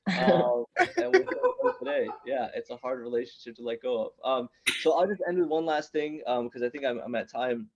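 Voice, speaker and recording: A man in his thirties performs stand-up at a small online open-mic venue, rambling, chatty, and prone to restarting sentences. His medium-pitched, darkish voice swings hugely in pitch and moves briskly with few pauses, over dull audio.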